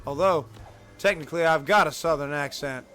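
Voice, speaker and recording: Bright-voiced male game streamer. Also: fairly high pitch, fairly quick, faint music behind. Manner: chatty, self-mocking asides to chat. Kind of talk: live gameplay commentary.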